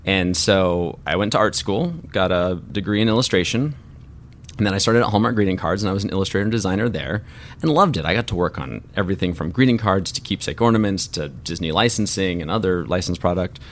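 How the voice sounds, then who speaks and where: Man, deep low voice, earnest, reflective, emotional interview storytelling. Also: fast. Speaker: voice actor and artist guest.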